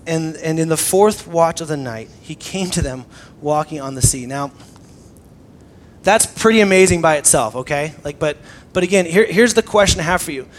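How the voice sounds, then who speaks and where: A young man preaching a sermon conversationally, swinging between loud emphasis and hushed, intimate tones. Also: on the high side, normal speed, slight background noise. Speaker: pastor.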